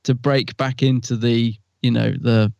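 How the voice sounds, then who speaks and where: A man's voice: medium pitch, flat delivery, unhurried, creaky, darkish tone, clean tone, dry recording, lo-fi sound. Chuckling man in casual chat. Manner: enthusiastic, chuckles a lot. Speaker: podcast co-host.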